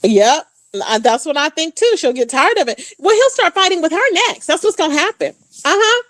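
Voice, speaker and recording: A woman hosting a casual livestream, gossiping with viewers in an animated, chatty way and calling them "child" and "boo". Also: very high-pitched, moderate pace, no echo, clean studio sound. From Texas.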